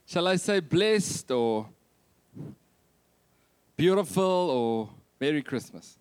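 A man, preaching a Christmas sermon in an animated, joking way that swings between loud and soft. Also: on the high side, takes it slowly, clear, resonant tone, no echo. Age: 30s. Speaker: pastor.

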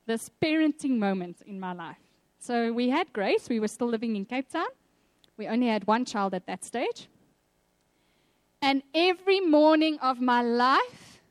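A South African woman preaching a sermon, telling personal stories in a lively way and acting out the voices she quotes. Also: sits high, no echo.

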